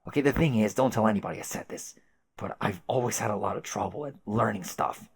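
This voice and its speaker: A man voicing a bratty, hot-tempered young male alien who shouts insults and demands answers. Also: fairly low pitch, quick pace, gravelly, breathy edge. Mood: defensive.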